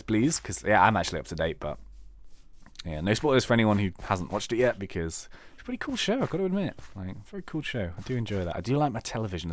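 A man chatting casually through a game playthrough, excitable and rambling, with a slightly sore throat. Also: deep voice. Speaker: game commentator. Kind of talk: casual let's play commentary.

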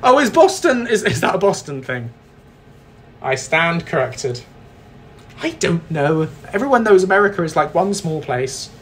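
A man's voice: a little high, big pitch swings, normal speed, a bit bright, slight background noise. A British man hosting a casual baking livestream, joking, self-deprecating and rambling as he chats with his viewers. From Britain. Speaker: livestream host.

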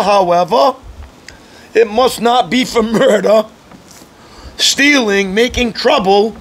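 A man preaching a sermon in a conversational, teasing way, often clearing his throat. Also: very high voice, a bit bright. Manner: conversational preaching with mocking quoted voices. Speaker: pastor.

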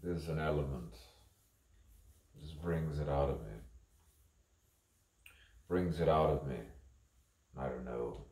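Very deep gravelly man, slow musing monologue. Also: darkish tone, reverberant. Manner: rambling, musing, repetitive. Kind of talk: improvised spoken monologue.

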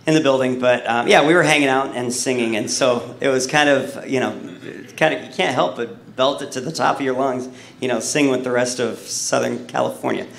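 A hoarse man preaching a story-driven sermon, rambling and correcting himself as he acts out a childhood tale. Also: mid-range voice, brisk, a bit bright. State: hoarse from losing his voice. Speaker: pastor. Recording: echoey church hall.

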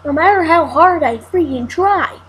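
Woman, high-pitched, exasperated gameplay commentator who exclaims and repeats lines. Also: animated, normal speed, fairly bright tone, poor audio. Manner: frustrated, exclaiming, repeats herself while playing. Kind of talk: casual let's-play commentary.

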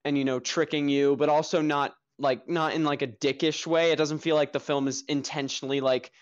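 A man's voice: on the high side, fairly even intonation, brisk, smooth, dull audio. A young man co-hosting a film podcast, rambling through his take with lots of fillers and casual swearing. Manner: rambling, filler-heavy, profane, enthusiastic. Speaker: podcast co-host, film reviewer.

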